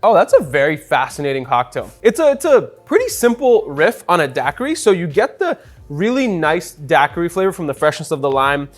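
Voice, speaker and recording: A young man, a bartender telling a story in a casual, animated way while making a cocktail. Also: fairly high pitch, brisk. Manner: chatty, animated storyteller with many fillers.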